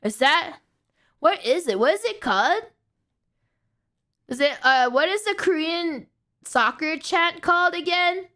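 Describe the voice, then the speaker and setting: A woman's voice: very high voice, lively intonation, unhurried, pauses often, bright, forceful tone. A young woman streaming from home, chatting casually and rambling, with playful chanting and casual swearing. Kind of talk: casual late-night stream chat.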